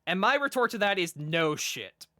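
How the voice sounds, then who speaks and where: A man co-hosting a casual podcast chat, rambling excitedly with lots of fillers and restarts. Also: sits high, moderate pace. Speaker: podcast co-host.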